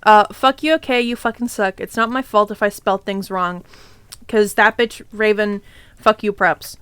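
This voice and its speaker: A woman's voice: medium pitch, fairly even intonation, moderate pace, fairly bright tone, smooth, dry recording. A woman streamer reading a fanfic aloud, irreverent and swearing, with giggly asides.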